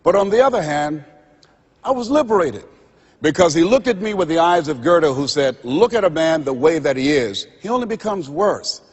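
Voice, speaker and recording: An older man giving a motivational seminar speech to a live audience, preacher-like, with dramatic pauses and repeated phrases. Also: on the high side, expressive, slightly rough, highs cut off. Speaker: motivational speaker. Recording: long hall reverb. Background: audience laughter.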